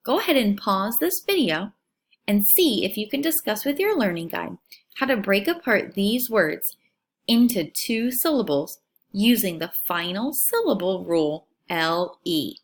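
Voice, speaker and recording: A woman teacher giving a recorded phonics lesson for young children, speaking clearly and stretching out words. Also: medium pitch, animated, measured pace. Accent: American.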